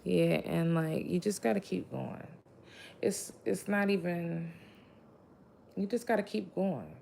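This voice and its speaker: A low-pitched woman with a heavily gravelly, fry-laden voice gives a casual spiritual pep talk. She is blunt and profane and rambles through many fillers. A faint hiss of noise sits behind her. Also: animated, takes it slowly, darkish tone. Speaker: vlogger giving motivational talk.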